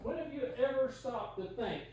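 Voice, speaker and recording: A woman's voice: sits high, lively intonation, moderate pace, mellow. A woman in a heated home argument, accusatory and insistent, talking over the other person. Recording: echoey room, distant mic, noisy.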